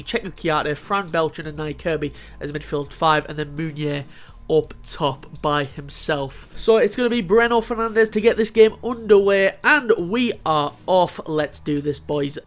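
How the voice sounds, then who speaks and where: Excitable man commentating on a game. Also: fairly high pitch. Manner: excitable, swears freely, talks to the players on screen. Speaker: gaming video host. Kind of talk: casual video game commentary.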